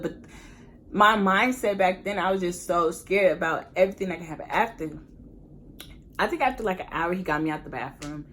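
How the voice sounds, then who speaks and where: A young woman, telling a candid, animated personal story as a casual storytime vlog, full of slang and laughter. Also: fairly low pitch, a little hiss or hum. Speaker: vlogger.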